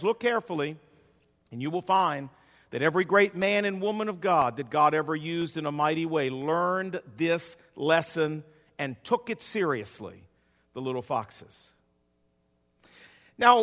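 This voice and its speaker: A man's voice: fairly high pitch, pushed and bright. A male pastor preaching a sermon with a folksy storytelling style and a repetitive cadence, in a church sanctuary. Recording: long hall reverb.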